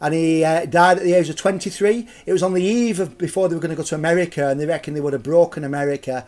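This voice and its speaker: A man's voice: a little high, fast, darkish tone. A middle-aged man hosting a live storytelling stream, chatty, jokey and digressive. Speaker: storyteller and host.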